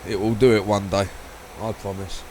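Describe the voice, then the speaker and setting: A man's voice: fairly low pitch, flat delivery, moderate pace, darkish tone, a little hiss or hum, rough recording. A man live-streaming a flight simulator, chatting casually, rambling, swearing and laughing a lot.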